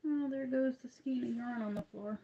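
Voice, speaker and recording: A woman's voice: on the high side, moderate pace, dark tone, slightly rough, lo-fi sound. A young woman with an upstate New York accent, chatting casually and rambling while she crochets on a livestream. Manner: rambling, chatty, laughs often, many fillers.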